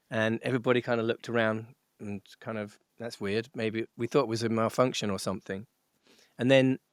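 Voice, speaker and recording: A man's voice: mid-range voice, dry recording. Middle-aged guy telling a story on a podcast, laughy, lots of um and uh, dry close sound. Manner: animated, laughing, full of fillers and restarts. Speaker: guest musician.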